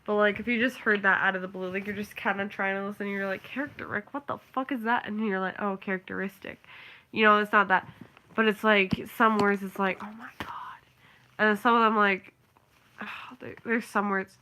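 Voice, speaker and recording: A young woman talking straight to camera in an easy, rambling way. Her voice is bright and sharp, and she piles on fillers as she drifts into small rants. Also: mid-range voice, flat delivery, a little fast, a little hiss or hum. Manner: rambling, filler-heavy, ranting. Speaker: vlogger. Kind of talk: casual chat.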